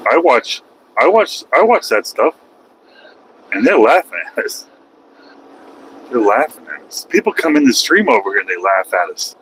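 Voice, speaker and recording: Trucker, rambling opinionated vlog talk from the cab, bright forceful tone, light road hum behind. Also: male voice, mid-range voice, sing-song, normal speed, pauses often, low-quality recording. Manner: opinionated, rambling, wry asides. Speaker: truck driver vlogger. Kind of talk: casual rambling monologue.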